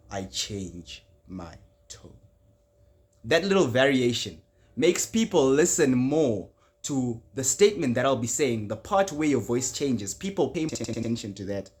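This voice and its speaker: A young man giving a casual spoken tutorial on public speaking, shifting his pitch and loudness for emphasis.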